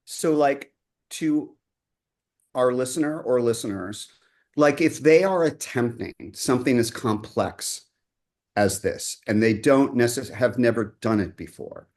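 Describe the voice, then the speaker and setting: A male co-host in casual chat, asking halting questions full of fillers. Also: mid-range voice, darkish tone.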